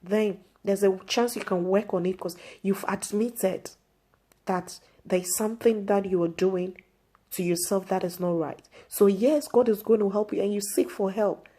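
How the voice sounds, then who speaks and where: A woman's voice: mid-range voice, steady tone, measured pace, warm tone. A woman vlog host giving an earnest inspirational faith talk to camera, repeating her pleas.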